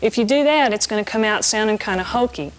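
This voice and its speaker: Middle-aged lady teaching sax, calm clear explaining, mid pitched voice. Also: quick pace. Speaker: saxophone teacher. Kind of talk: instructional lesson narration.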